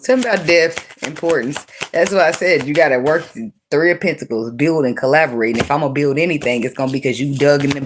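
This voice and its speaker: A woman giving an unscripted tarot reading in a blunt, profane, animated way, breaking into laughs often. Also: low voice, background noise. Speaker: tarot reader.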